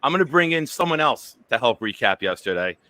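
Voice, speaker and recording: A man's voice: mid-range voice, a little fast, no room sound. A man hosting a casual live-stream chat, telling stories with energy and swearing freely. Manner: animated storyteller, swears freely. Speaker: show host.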